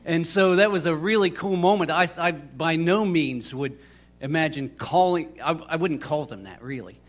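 Man, pastor, slightly high voice, chatty rambling sermon, lots of restarts. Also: normal speed. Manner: rambling, conversational with many restarts and fillers. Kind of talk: casual storytelling sermon.

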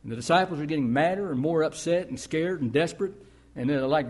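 Husky-voiced preaching man. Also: a little high, fast talker, a little mellow. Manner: storytelling, conversational preaching with emphatic rises. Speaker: pastor. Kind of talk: sermon.

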